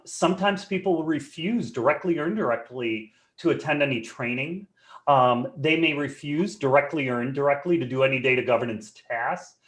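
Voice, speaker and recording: A man presenting a live webinar in a joking, conversational and animated way. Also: medium pitch.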